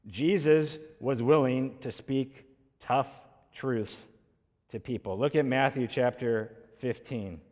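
A man's voice: medium pitch, takes it slowly, a little mellow. A man preaching a sermon as pastor, emphatic and pressing hard on key words. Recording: long hall reverb.

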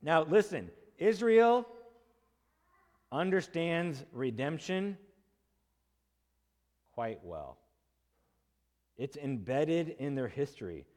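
A man's voice: on the high side, big pitch swings, takes it slowly, long pauses, a little mellow, long reverb tail. A man preaching an expository sermon in a conversational way, asking his listeners questions and acting out quotes in casual voices.

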